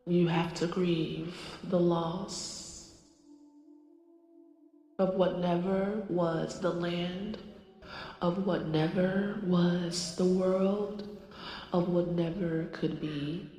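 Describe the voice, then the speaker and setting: A woman in her forties channeling the goddess Isis in a slow, solemn, drawn-out voice. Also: lowish voice, steady tone, warm tone. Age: 40s. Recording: echoey room, long reverb, faint music.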